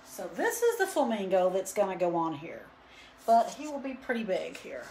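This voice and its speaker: With a medium-pitched, darkish voice that swings widely in pitch, a woman who owns a studio and teaches painting rambles through a live demo at a moderate pace, leaning on lots of fillers. A roomy echo and a little hiss or hum color the recording.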